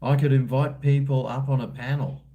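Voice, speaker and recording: Laid-back Australian man, mellow voice. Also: mid-range voice, little pitch movement, a little fast, highs cut off. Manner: laid-back, rambling, slangy. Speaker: livestream host. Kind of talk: casual livestream chat reading comments.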